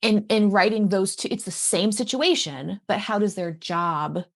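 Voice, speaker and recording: A woman who writes and teaches writing, chatting casually on a podcast and pausing often to find her thoughts. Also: mid-range voice. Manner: thoughtful, trails off and restarts while thinking.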